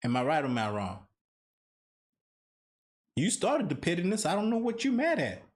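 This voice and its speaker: Brief: Zimbabwean-accented guy, lively swooping delivery, jokey mock-apologetic reaction host. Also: on the high side, normal speed. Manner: playful, teasing, mock-apologetic. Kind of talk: comedic reaction commentary.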